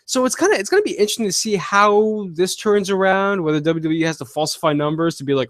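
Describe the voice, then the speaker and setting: Man, podcast host, fairly high voice, blunt and swearing, dry close sound. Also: fast, few pauses, no room sound. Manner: blunt, profane, animated opinions. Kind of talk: casual wrestling podcast chat.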